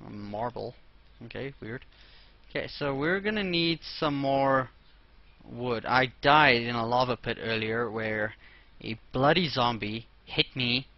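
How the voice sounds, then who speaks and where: A young man hosting a let's play, rambling casually and talking to himself as he plays. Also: medium pitch. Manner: rambling, talks to himself while playing. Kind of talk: casual gameplay commentary. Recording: dull lo-fi mic with clear noise.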